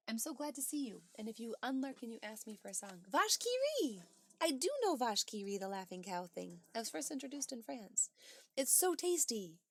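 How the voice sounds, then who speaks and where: Reading viewers' chat aloud, a female livestream host responds with cheerful exclamations and quiet side remarks in a laid-back chat. Her voice sits mid-range, with no room sound in the recording.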